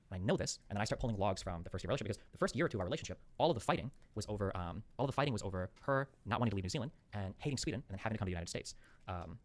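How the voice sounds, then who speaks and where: A man's voice: fairly low pitch, animated. A man in a casual monologue, recounting an argument and acting out both sides, with lots of "like" and "um.". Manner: rapid rambling retelling, acting out both sides, full of "like" and "um".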